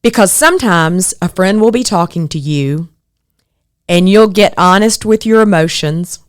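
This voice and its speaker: Her voice sits on the low side, smooth and a little slow. As a middle-aged podcast host delivering a personal monologue, she's earnest and reflective, livening up whenever she quotes someone.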